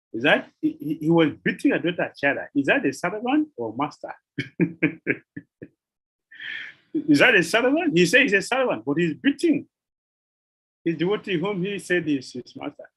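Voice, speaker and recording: A man giving a devotional lecture, telling sacred stories with rhetorical questions and an animated, questioning manner. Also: a little high, brisk, breathy edge, rough recording. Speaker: spiritual teacher.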